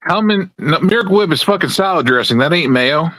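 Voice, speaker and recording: A man's voice: fairly high pitch, animated, brisk, fairly bright tone, dry recording. A man co-hosting a podcast in casual chat, making blunt, sardonic remarks. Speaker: podcast co-host.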